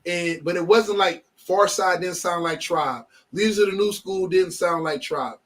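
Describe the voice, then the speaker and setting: A middle-aged man hosts a podcast in easy, casual chat. His voice sits fairly high for a man, and he rambles along animatedly, restarting his sentences. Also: moderate pace, a bit bright. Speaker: podcast host.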